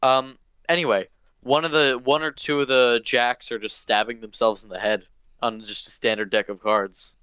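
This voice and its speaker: A man's voice: mid-range voice, steady tone, normal speed, pushed and bright, clean tone, no echo. A man co-hosting a casual podcast chat, joking in a dry, playful way. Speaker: podcast co-host.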